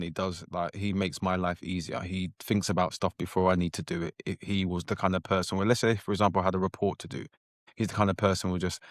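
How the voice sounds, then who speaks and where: A man's voice: sits low, dry recording, clean studio sound. A man, a store manager, telling a story animatedly in casual podcast chat.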